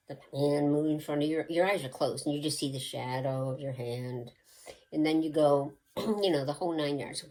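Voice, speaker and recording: An older woman in her seventies with a low, deep-set voice tells a personal story in a loose, chatty way. She wanders off into asides and restarts. When she acts out the hypnotist she slips into a soft, hushed, slowed-down murmur. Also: rough recording. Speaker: channel host telling childhood stories.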